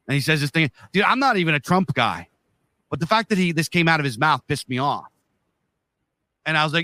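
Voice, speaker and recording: A man, co-hosting a podcast, ranting in a heated, profane way that swings between loud and quiet. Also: on the high side, fairly quick, no room sound. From United States. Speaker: podcast co-host. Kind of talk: casual podcast rant.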